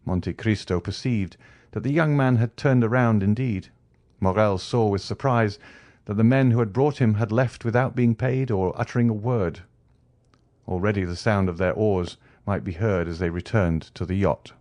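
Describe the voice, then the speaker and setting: A man narrating an audiobook of a classic novel in a measured, even storytelling manner. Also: fairly low pitch, no echo. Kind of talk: scripted narration.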